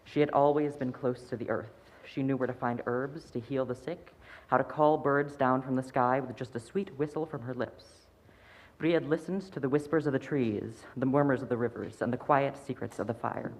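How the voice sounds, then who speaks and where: A man reading a story aloud at a congregational service, gentle with small slips and restarts. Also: mid-range voice, steady tone, moderate pace. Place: fellowship sanctuary. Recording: roomy hall with faint noise.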